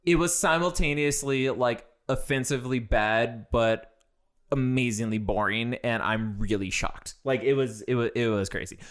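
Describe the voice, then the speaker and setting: A man's voice: mid-range voice, fairly even intonation, normal speed. A man co-hosting a casual movie review, blunt and exasperated, swearing freely as he rants.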